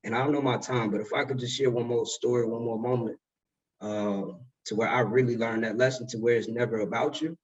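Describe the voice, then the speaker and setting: A man's voice: mid-range voice, steady tone, a little fast, husky, distant mic, muffled recording. A man in his twenties telling a story in a casual, slangy way as a speaker at a summit. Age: 20s. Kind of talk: motivational talk.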